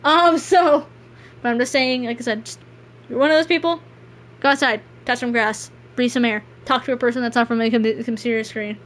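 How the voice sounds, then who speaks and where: Rambling woman streamer, higher voice. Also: steady tone, a little fast. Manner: rambling, self-deprecating, restarts often. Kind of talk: casual gameplay stream chat.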